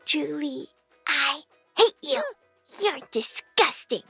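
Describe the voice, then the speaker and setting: A scheming little girl with a sly, cold, taunting way of speaking, drawn out slowly and smugly, as a woman puts her on for an animated story. Her voice sits high and swings widely in pitch. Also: creaky, dry recording, faint music behind, full character voice. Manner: cold, taunting, then fake sobbing.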